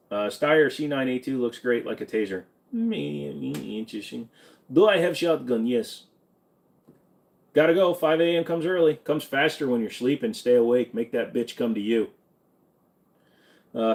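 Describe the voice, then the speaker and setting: Brief: young male streamer, casual, crude, quick jokes, mid-range voice. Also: medium pitch, darkish tone. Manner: joking, profane, answers chat questions. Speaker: livestream host reading viewer questions. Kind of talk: casual livestream Q&A.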